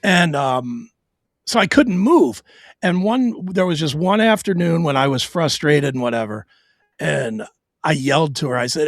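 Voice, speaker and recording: A man's voice: on the high side, animated, measured pace, no echo, clean studio sound. A middle-aged man on his own show, telling a hard personal story bluntly and profanely, with stammered restarts.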